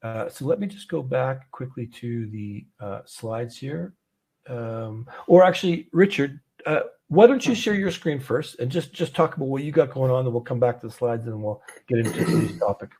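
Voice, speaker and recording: Husky-voiced man hosting a trading call. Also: medium pitch, lively intonation, normal speed, a little mellow. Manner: loose, thinking aloud with frequent fillers. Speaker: host of a trading webinar. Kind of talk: live conversational market talk. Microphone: video call.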